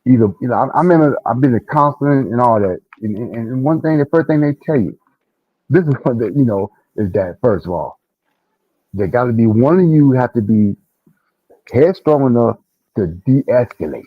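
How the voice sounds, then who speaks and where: A man from Detroit talking in a casual panel discussion, animated and climbing high when he vents. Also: moderate pace, no room sound. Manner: animated, rising to a high pitch when venting. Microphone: online call mic. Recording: dull, lo-fi online call audio.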